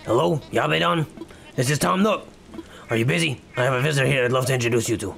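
A man's voice: medium pitch, fast talker, creaky, faint music behind, voice pushed down. A man voicing a courteous, fatherly raccoon businessman while reading game dialogue aloud. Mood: polite. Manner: courteous, formal and gentle. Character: polite raccoon businessman, older male, fatherly.

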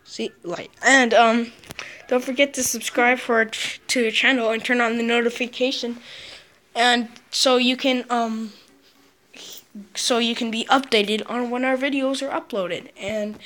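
Chatty higher-voiced female gamer. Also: fairly even intonation, a little slow, a bit bright, echoey room, recorded from a distance. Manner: chatty, giggly, rambling sign-off with fillers. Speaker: gaming channel host. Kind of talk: casual gameplay chat.

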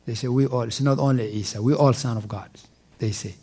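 Male teacher at a mosque, mellow tone, halting and repetitive delivery, quick recitation. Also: medium pitch, fairly even intonation, vocal fry, breathy edge. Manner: halting, repeats words while searching for them; recites verses in quick Arabic, then translates slowly. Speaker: teacher explaining Quran commentary. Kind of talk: mosque tafsir class.

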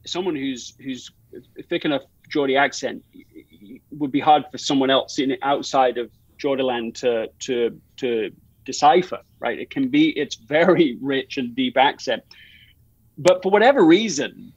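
A man's voice: mid-range voice, unhurried, slightly rough, dry recording, highs cut off. Man telling stories in a podcast interview. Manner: rambling, many restarts and fillers, animated storytelling. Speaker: podcast guest, author. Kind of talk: conversational interview.

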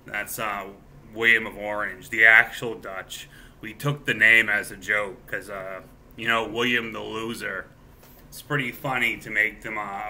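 A man talking alone in a rambling monologue, halting often with filler pauses. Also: on the low side, sharp tone, slight background noise.

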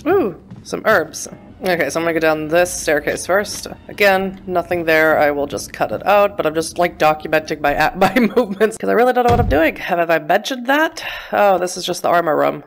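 A woman's voice: on the low side, lively intonation, brisk, creaky, a little hiss or hum. A woman giving casual gameplay commentary, chatty and self-mocking, talking back to the game character. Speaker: let's play gamer.

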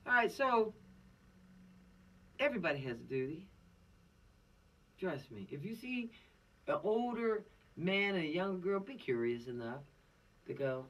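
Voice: medium pitch, sing-song, measured pace, long pauses, far from the mic, slight background noise. A law course instructor giving an informal, preachy lecture with streetwise slang.

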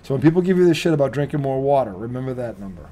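A man's voice: medium pitch, animated, very fast, crowd noise. A male sports talk host from the Boston area, ranting heatedly with lots of swearing and laughing mid-rant.

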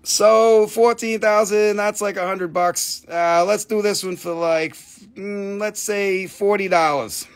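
Man, high voice, jokey live-sale host calling prices like an auctioneer. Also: fairly even intonation, measured pace. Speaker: host selling minerals on a live stream. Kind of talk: live sales stream patter.

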